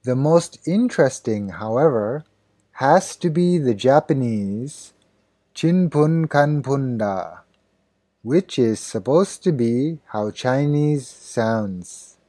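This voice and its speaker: Slow, deliberate man with a dark voice. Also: medium pitch, expressive, no room sound. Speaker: idiom teacher. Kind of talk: scripted narration.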